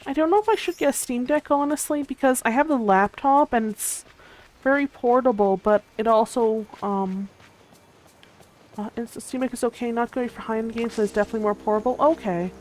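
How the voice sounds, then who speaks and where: Her voice sits on the high side with a darkish tone, and she talks fairly quickly over slight background noise. The young woman is streaming a game, sleepy and yawning, chatting loosely with lots of fillers and restarts.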